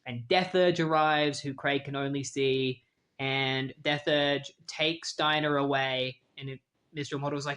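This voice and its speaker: A man's voice: medium pitch, fairly even intonation, measured pace, a bit bright. A man casually retelling a comic book story in a loose, chatty way, often saying "like".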